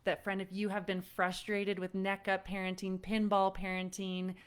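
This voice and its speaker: A woman parenting coach giving an online lesson to parents, animated and often laughing as she acts out frustrated parents. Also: mid-range voice, normal speed, clean tone.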